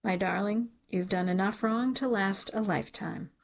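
Woman reading a cold stern dad in an audiobook, curt, gravelly. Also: sits high, normal speed. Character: stern cold patriarch father, middle-aged man.

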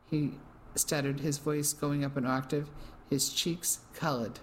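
An audiobook narrator reading a first-person mystery novel in a steady, even storytelling manner. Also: mid-range voice, normal speed, a little hiss or hum, rough recording.

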